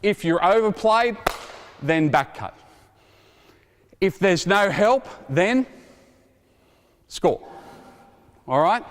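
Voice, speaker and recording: A man in his forties runs a basketball drill, energetic and quick with a joke as he calls instructions to players. His voice sits a little high. It rings with the long reverb of an indoor court, with balls bouncing behind him. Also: a little hiss or hum. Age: 40s. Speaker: basketball coach. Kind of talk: coaching clinic demonstration. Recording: reverberant gym hall.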